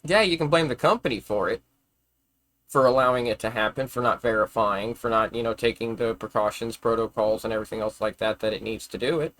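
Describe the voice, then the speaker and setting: A man's voice: mid-range voice, brisk, a bit bright. Profane, rambling man ranting. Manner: rambling, profane, argumentative, with frequent stammered restarts. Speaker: live streamer. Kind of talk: casual ranting monologue.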